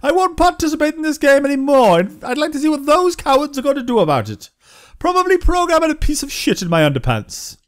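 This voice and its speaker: A man's voice: very high-pitched, sing-song, quick pace, pitched above the performer's own voice. Brief: a man doing a surly game NPC who is sick of his job, scornful and complaining. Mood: defiant. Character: surly fed-up male game townsman.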